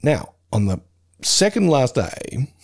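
A man's voice: mid-range voice, sing-song, takes it slowly, slightly rough. A man chatting casually as a podcast co-host, rambling with fillers and frequent laughter. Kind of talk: casual chat.

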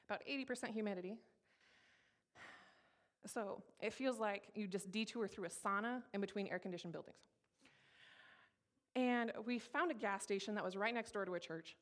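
A woman in her thirties gives a personal testimony, telling her story in a candid, humorous, lively way. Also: medium pitch. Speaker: speaker giving a personal testimony.

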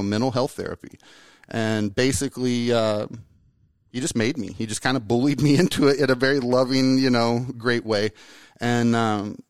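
A male podcast host with lively, joking energy who rambles freely between stories. His voice sits at an ordinary pitch and is recorded close and dry, with no room sound around it. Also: no echo. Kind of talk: casual podcast chat.

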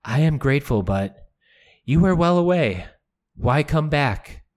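A man's voice: a little high, expressive, a little slow, darkish tone, pitched above the performer's own voice. A man reading aloud, putting on the voice of a stubborn young woman knight who speaks earnestly and bluntly.

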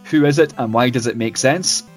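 A man's voice: mid-range voice, normal speed, faint music behind. A man hosting a casual podcast, laughing often and stumbling over repeated words. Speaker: podcast host.

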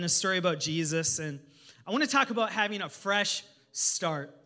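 A man preaching a sermon as a guest pastor, energetic and humorous, joking with the congregation. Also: fairly high pitch, moderate pace. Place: church service in a hotel venue.

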